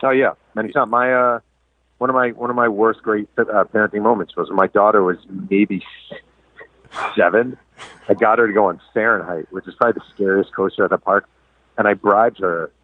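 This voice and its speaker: Middle-aged guy on a phone line, low voice, candid and joking at himself, sounds kinda dry and tinny. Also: fairly even intonation, a little fast, no room sound. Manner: candid, self-deprecating storyteller. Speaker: guest, sports writer. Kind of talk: casual interview chat.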